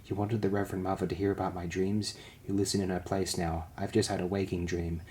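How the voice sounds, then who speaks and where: A young noble heir speaks with iron control and cold bitterness, as a man reading the book gives him voice. The voice sits very low, and a faint hiss runs under this audiobook reading. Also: little pitch movement, fast talker, warm tone, close to an everyday voice. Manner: iron-hard, bitter, commanding.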